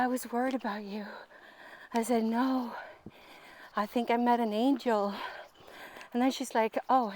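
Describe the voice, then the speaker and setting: A woman recounts a personal experience at an unhurried, halting pace. Her voice sits a little high, and she often repeats and restarts her phrases in an earnest way. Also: a little mellow. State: tearful, voice breaking. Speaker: speaker sharing a personal story. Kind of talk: emotional personal storytelling.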